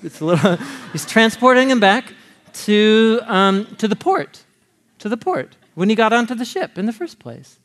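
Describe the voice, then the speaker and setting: A male preacher teaching a Bible story in a lively way, laughing often and acting out the characters' lines. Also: high voice, normal speed. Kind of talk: animated sermon teaching.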